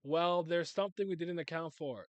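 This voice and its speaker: A worried navy commander, read by a man presses hard for help and sounds anxious and insistent. The voice is fairly high for a man and close and dry. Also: moderate pace, dry recording, close to an everyday voice. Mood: urgent. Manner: urgent, pleading.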